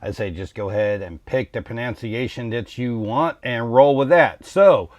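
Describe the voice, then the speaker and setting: A man hosting a board game channel, explaining casually with relaxed fillers. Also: mid-range voice, moderate pace, no echo.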